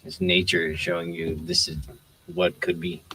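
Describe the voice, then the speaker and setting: Low-voiced man musing on a show. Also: flat delivery, moderate pace, bright, forceful tone, rough recording. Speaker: podcast co-host. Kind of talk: casual TV episode recap chat.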